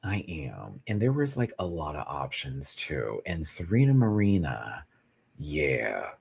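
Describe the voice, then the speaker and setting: A man's voice: a bass voice, wildly swooping pitch, unhurried, gravelly, breathy edge. A man giving casual live-stream commentary, chatty and campy, greeting viewers in chat and laughing often.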